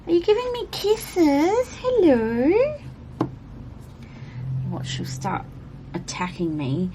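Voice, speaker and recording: A woman chatting casually as she colors for a vlog, rambling with frequent "like" and breaking into a high baby voice for her cats. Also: a little hiss or hum. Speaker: coloring vlogger. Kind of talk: casual color-and-chat commentary.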